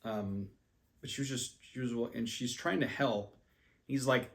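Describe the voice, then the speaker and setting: A man's voice: mid-range voice, a little slow, gravelly. A man casually telling a personal travel story, rambling with many ums and restarts, self-deprecating about his skills. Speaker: language learner.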